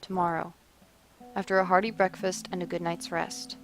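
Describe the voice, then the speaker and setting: A woman doing a gentle, devoted young man. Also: moderate pace, faint music behind, lightly acted. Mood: tender. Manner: soft, calm, lower and reassuring. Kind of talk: dramatic story reading.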